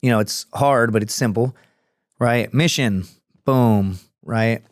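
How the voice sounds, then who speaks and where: A man's voice: mid-range voice, slow pace, dry recording, clean studio sound. A man, a former Marine telling war stories on a podcast in a rambling, profane, casual way. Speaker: podcast guest, former Marine scout sniper and comedian. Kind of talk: casual storytelling chat.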